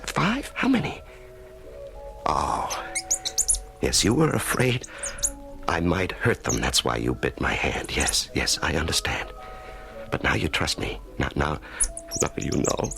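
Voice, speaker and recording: An actor playing a male prisoner broken by long isolation, stammering and trembling as he talks softly, in an old radio drama. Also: a bass voice, animated, a little slow, creaky, long pauses, soft background music, exaggerated voice. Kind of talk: 1970s radio drama acting.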